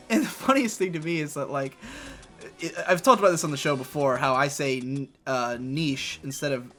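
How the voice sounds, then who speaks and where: A man from Canada co-hosting a casual gaming video, rambling and ranting in an animated way. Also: a little high, fairly quick, soft background music. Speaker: co-host of a gaming channel. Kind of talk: casual chat over gameplay.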